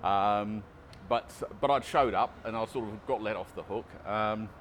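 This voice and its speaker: A man's voice: on the low side, measured pace, fairly bright tone, slight background noise. A man vlogging casually outdoors about recovery, chatty and self-deprecating, often restarting his sentences. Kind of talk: casual vlog monologue.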